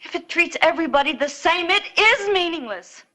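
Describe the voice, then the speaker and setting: A bright-voiced, defiant frontier sister pleading for her brother, 1950s TV western. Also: fairly high pitch, lively intonation, unhurried. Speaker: sister of a dying outlaw.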